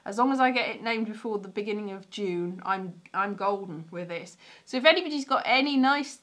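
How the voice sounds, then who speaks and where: A woman's voice: mid-range voice, lively intonation, fairly quick, fairly bright tone. A woman from Wales, a comedian, chatting casually on a livestream from her stairs, rambling, greeting viewers and restarting sentences. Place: sitting on stairs at home.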